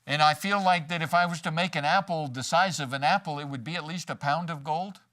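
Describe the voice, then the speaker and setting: A man's voice: on the high side, a little fast, bright, forceful tone. A man preaching a sermon in a church, folksy and joking, acting out quoted lines as he goes. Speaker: pastor. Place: church sanctuary.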